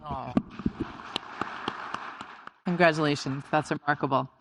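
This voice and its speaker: Low, gravelly-voiced woman host. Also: steady tone, measured pace, fairly bright tone. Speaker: podcast host. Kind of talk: live on-stage interview. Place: stage at a live event.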